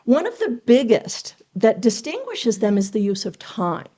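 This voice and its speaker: Woman, writing coach, podcast guest, teacherly and earnest, fairly high voice. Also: very animated, unhurried, dark tone. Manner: teacherly, earnest, explains step by step with rhetorical questions. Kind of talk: explanatory interview talk.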